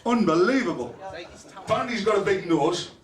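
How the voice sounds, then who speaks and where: A man's voice: high-pitched, animated, a little fast. A man hosting a club awards night, cracking crude, swear-laden jokes and laughing through them. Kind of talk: crude roasting banter. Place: club function room with an audience. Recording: echoey room, voice far from the mic. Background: loud crowd laughter.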